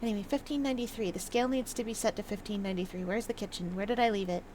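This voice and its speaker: A woman's voice: medium pitch, very fast, darkish tone, a little hiss or hum. A young woman casually commenting as she plays a video game, playful and chatty, sometimes reading notes aloud in a mock old-fashioned manner. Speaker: gaming video host. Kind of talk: casual let's-play commentary.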